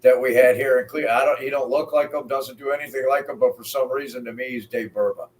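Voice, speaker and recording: A man co-hosting a sports podcast, telling stories in animated casual chat and often saying "man". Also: mid-range voice, fast talker, far from the mic. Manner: animated storyteller, peppers talk with "man". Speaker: podcast co-host.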